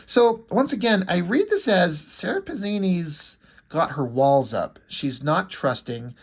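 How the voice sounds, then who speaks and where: A man's voice: medium pitch, a bit bright. A man casually recapping a comic book issue, chatty and loose, swearing now and then and acting out what the characters say.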